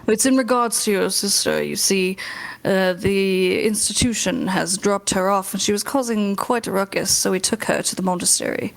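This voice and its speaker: A woman voicing a stern, calm male monk who speaks gravely and slowly. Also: medium pitch, lightly acted. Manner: grave, slow and measured.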